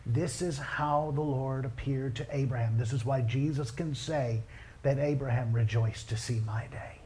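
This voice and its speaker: A man's voice: medium pitch, normal speed, slight background noise. Man preaching with folksy fervor. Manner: builds from calm teaching to loud, impassioned pleading with hushed whispered asides. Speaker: pastor. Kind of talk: sermon.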